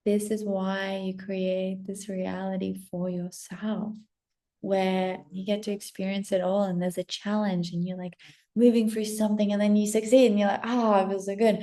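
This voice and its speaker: A woman's voice: mid-range voice, level tone, moderate pace, warm tone. A woman who coaches on spiritual growth, giving an emphatic, casual pep talk to camera, swearing freely and acting out inner voices. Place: outdoors or at a window on a trip abroad.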